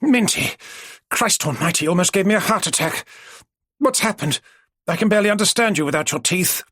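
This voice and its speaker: Guy reading a middle-aged woman, sharp and fed up, raised pitch. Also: animated, fairly quick, no echo, clean studio sound. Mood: alarmed. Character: exasperated middle-aged daughter, sharp-tongued.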